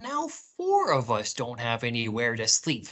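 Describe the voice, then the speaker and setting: A woman's voice: rumbling low, huge pitch swings, unhurried, fairly bright tone, breathy edge, full character voice. A woman voicing a fussy male squirrel in a picture-book reading.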